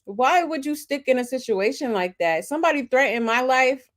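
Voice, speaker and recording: A woman's voice: high voice, lively intonation, normal speed. A woman hosting a casual reaction commentary, slangy and emphatic, talking straight to her viewers. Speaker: commentary host.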